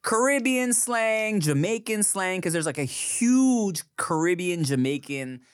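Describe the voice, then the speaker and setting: A man co-hosting a relaxed podcast conversation, his voice moving through a lively, wide-ranging pitch. He keeps dropping into exaggerated slang impressions. The sound is close and dry. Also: measured pace, clear, resonant tone, no echo. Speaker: podcast co-host. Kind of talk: casual chat.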